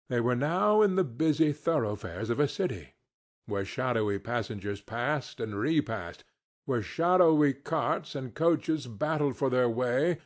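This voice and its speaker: A man narrating a classic novel as an audiobook, reading in an expressive, unhurried way. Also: mid-range voice. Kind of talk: scripted narration.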